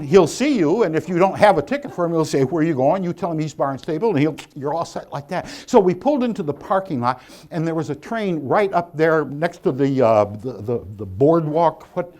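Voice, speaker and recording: An older man hosting a stage show, telling a rambling, self-deprecating story in a packed theater and laughing at his own jokes. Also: sits high. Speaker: guest host.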